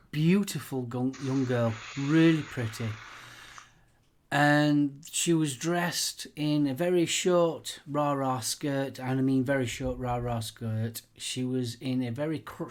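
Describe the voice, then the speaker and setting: A man's voice: medium pitch, slow. A man with a British accent co-hosting a casual live-show chat, telling stories in a hesitant, chatty way with frequent restarts. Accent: British English. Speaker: co-host.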